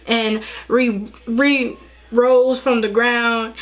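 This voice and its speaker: A young woman chatting excitedly through a casual makeup tutorial, gushing over the products. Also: fairly high pitch, a little slow. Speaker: beauty vlogger.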